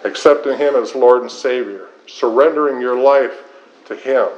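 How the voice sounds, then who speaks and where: A man's voice: mid-range voice, moderate pace, slight background noise. A middle-aged man preaching a sermon in an earnest style, building points through repetition. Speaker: pastor. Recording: slightly dull lo-fi sound.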